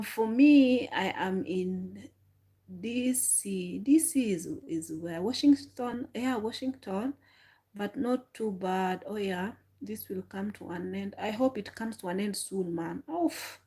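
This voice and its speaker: Woman vlogger, casual livestream storyteller, animated, mimics voices, mid pitch. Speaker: vlogger, former flight attendant.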